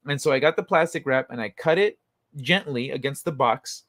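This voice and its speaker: A man's voice: medium pitch, normal speed, a bit bright, no echo, clean studio sound. A man hosting a casual livestream chat, talking in a rambling, profane way with frequent restarts. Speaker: livestream talk show host.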